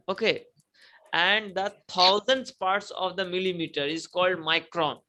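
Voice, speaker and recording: Bright-voiced teacher. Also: male voice, high voice, fairly even intonation, a little slow, rough recording. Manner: repetitive, emphatic, prompts students to repeat. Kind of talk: classroom lecture.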